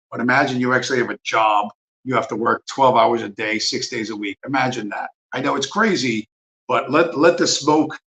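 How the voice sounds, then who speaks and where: A man's voice: mid-range voice, fairly bright tone, poor audio. A man hosting a livestream, ranting profanely and with strong emphasis. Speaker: livestream host. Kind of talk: livestream rant.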